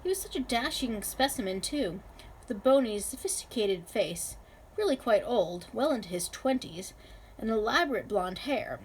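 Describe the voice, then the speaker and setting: A woman reading a novel aloud in a measured, expressive way. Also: a little high, a little hiss or hum, rough recording. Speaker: reader.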